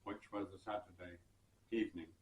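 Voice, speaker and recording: A man from southern England, a musician and bandleader, tells a personal anecdote in an unhurried, reflective way with soft chuckles and hesitations. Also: low voice, fairly even intonation, slight background noise. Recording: roomy sound from some distance.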